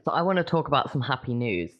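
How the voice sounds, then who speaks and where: A woman's voice: very deep voice, very animated, fast. An English woman co-hosting a podcast, chatting casually and gushing with giggles. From England. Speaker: podcast co-host. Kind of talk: casual chat. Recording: dull lo-fi audio.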